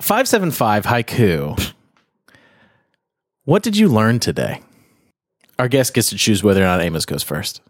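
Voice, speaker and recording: A man's voice: fairly low pitch, very animated, unhurried, long pauses, no room sound, studio quality. A man hosting a podcast, reading out facts and leading games in casual chat. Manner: reads facts aloud, runs the games. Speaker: podcast host.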